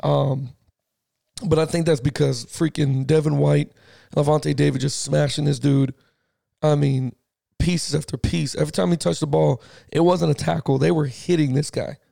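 A man co-hosting a sports podcast, animated and casual, swearing now and then as he talks football. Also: on the high side, moderate pace, vocal fry, dry recording, clean studio sound. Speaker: podcast co-host.

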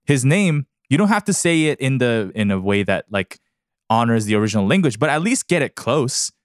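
Podcast producer dude, mid pitch, really lively and pushy about his point, dry studio sound. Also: brisk, dry recording. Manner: emphatic, laughs often, opinionated. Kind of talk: casual chat.

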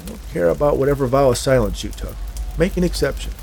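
A man's voice: mid-range voice, animated, quick pace, gravelly, slight background noise, pitched above the performer's own voice. A man voicing an escaped male convict who is desperate and demanding. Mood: angry. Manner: demanding, rising to shouts.

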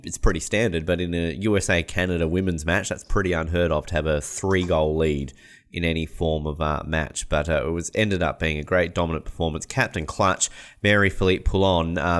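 A man hosting a sports podcast, chatty and joking in casual talk. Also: low voice. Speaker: podcast host.

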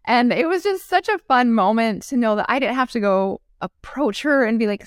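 Animated woman telling lively stories. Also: fairly high pitch, a little fast, hardly any pauses, smooth, no room sound, studio quality. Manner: animated storyteller who acts out quotes and laughs often. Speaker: guest entrepreneur. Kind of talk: casual interview chat.

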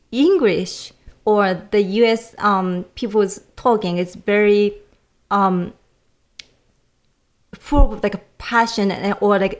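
Japanese-accented woman searching for words. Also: mid-range voice. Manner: searching for words, many fillers. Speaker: guest cellist. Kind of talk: casual podcast chat.

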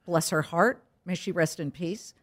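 Emphatic middle-aged woman, lowish voice. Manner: emphatic, quick-witted. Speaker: news anchor guest. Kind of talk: conversational interview.

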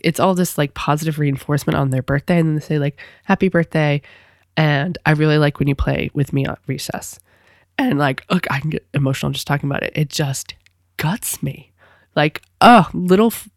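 A woman in her thirties hosting a podcast, talking casually and with feeling, often laughing and jumping into high squeals. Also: no room sound, clean studio sound. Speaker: podcast host. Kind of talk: casual monologue.

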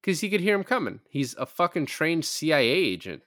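A man's voice: fairly high pitch, big pitch swings, brisk, a bit bright, dry recording, clean studio sound. A man co-hosting a casual movie podcast, retelling scenes with quoted lines and casual swearing. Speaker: podcast co-host.

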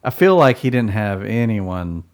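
A man's voice: fairly low pitch, very animated, a little slow. A man co-hosting a movie podcast, laid-back and hesitant, trailing off as he chats. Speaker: podcast co-host. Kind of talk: casual movie podcast chat.

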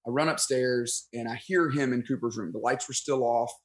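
Speaking at a normal speed in a mid-range voice, a U.S. pastor guesting on a podcast tells an easygoing story. He stays animated and self-deprecating, dramatizing his own thinking.

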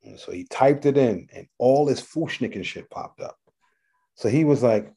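A middle-aged man, a rapper guesting on an interview, telling animated stories, acting out voices and swearing freely. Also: medium pitch, moderate pace, slightly rough. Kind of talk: casual storytelling interview.

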